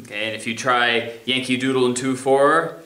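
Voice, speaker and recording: A man's voice: medium pitch, fairly even intonation, moderate pace, bright, forceful tone. A man teaching music theory in a recorded remote lecture, talking casually and scatting rhythms to show them. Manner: casual, sings and scats rhythms to demonstrate. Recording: echoey room.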